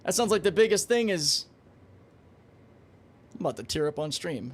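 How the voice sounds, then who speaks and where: A young man streaming a space game, chatting casually with his viewers, excitable and swearing freely. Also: on the high side, moderate pace, long pauses, breathy edge. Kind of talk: casual livestream commentary.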